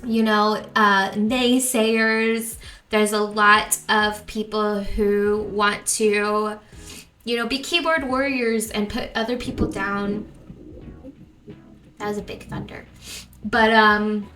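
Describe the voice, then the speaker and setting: A woman's voice: mid-range voice, fairly even intonation, takes it slowly, bright, forceful tone, soft background music. A young woman hosting a reaction video, talking casually and emotionally, rambling and stumbling over her words. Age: young adult.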